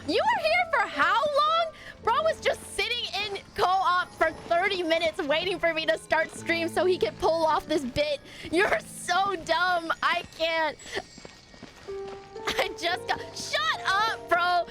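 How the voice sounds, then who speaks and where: Excitable woman gamer, squeaky high pitch, drawn-out delivery, shrieky reactions over game music. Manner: excitable, shrieking and laughing at the screen. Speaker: streamer. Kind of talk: live gameplay stream commentary. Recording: game music playing behind. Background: game soundtrack.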